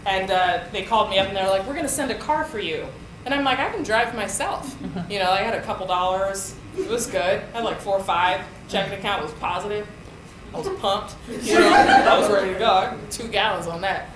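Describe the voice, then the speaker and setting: A woman's voice: medium pitch, fairly quick. A woman in her thirties giving a lecture, telling a story with lots of acted-out quotes and frequent laughter. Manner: animated storyteller, acts out quotes, laughs often. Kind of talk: storytelling talk. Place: lecture hall. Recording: echoey hall with room noise.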